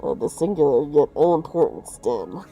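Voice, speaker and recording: A woman voicing a grave, soft-spoken man from a game, with a muffled voice and slow, archaic phrasing. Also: low-pitched, sing-song, faint music behind, pitched below the performer's own voice. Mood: solemn. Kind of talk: reading game dialogue aloud.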